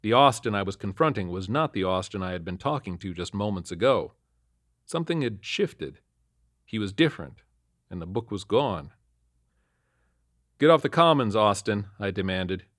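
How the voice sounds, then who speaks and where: A man with a low voice reads a first-person supernatural tale in an earnest, matter-of-fact manner. The sound is close and completely dry, with no room around it. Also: sing-song, normal speed, no room sound. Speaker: narrator. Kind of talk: first-person horror story narration.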